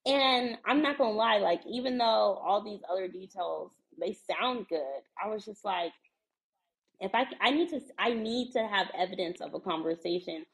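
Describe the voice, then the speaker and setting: Woman from the US, mid-pitched podcast guest, lively storyteller who acts out every line of dialogue. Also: normal speed, rough recording. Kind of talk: casual chat, storytelling.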